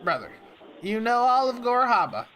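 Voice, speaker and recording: A man's voice: very high-pitched, big pitch swings, moderate pace, a bit bright, a little hiss or hum. A man livestreaming prank phone calls and chatting casually, joking and muttering to himself as he fixes his stream settings. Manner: jokey, mutters to himself while fiddling with settings.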